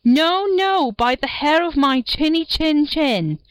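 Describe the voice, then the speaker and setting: Lady doing a tiny squeaky little pig, clever and eager, real high. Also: very animated, measured pace, no echo. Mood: plucky. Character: small clever male piglet, plucky.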